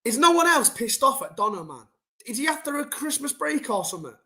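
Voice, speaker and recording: A man's voice: extremely high pitch, very animated, a little fast, pushed and bright. A young man ranting bluntly and casually to his chat during a football live stream, swearing and using slang.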